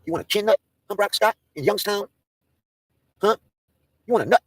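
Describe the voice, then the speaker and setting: A man's voice: sits high, expressive, fast, pauses often, breathy edge, no echo. A man in a profane, taunting livestream rant, mocking and daring his targets.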